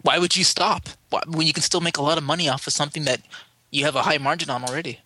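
A man co-hosting a casual podcast, telling a story with animated retelling and quoted voices. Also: on the high side, quick pace, no room sound. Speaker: podcast co-host.

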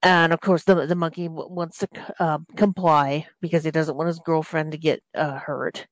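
A woman's voice: low-pitched, steady tone, normal speed, no room sound, poor audio. A woman casually recapping a video game's story on a podcast, rambling with many restarts and fillers. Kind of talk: casual game plot recap.

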